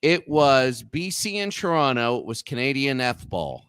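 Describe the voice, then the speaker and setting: A man's voice: mid-range voice, measured pace, clear, resonant tone, no echo. A man in his thirties tells a long, rambling story as a guest on a casual talk show, restarting his sentences as he goes. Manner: rambling, animated anecdote with restarts.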